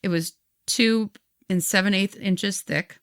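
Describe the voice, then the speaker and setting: A woman co-hosting a podcast animatedly retells someone else's story in casual chat, quoting the people involved in their own words. Her medium-pitched voice is fairly bright, with fairly even intonation and a slow pace. The recording is dry and clean, studio grade.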